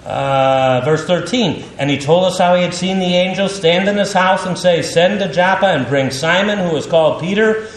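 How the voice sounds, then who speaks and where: With emphatic, animated delivery and dramatic pauses, a male preacher teaches through a passage of the Bible. The recording has room echo and a faint rumble.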